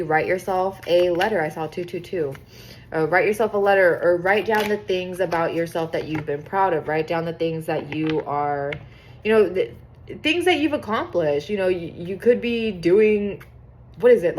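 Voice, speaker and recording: A woman's voice: lowish voice, a little hiss or hum. Chatty young woman giving a tarot reading. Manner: chatty, excitable, swears freely, reads cards aloud. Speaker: tarot reader. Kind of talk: casual tarot reading to camera.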